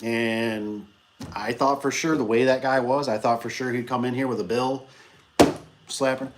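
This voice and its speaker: A man who owns a small business telling a rambling story in an animated, casual way, acting out the people he quotes. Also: medium pitch, moderate pace, a little hiss or hum. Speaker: business owner vlogger.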